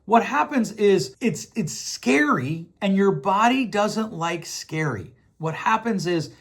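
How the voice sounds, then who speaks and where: Conversational man, slightly high voice. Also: lively intonation, takes it slowly, a bit bright. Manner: conversational, repeats words while thinking, acts out quoted voices. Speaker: podcast host. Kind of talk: casual explanatory monologue.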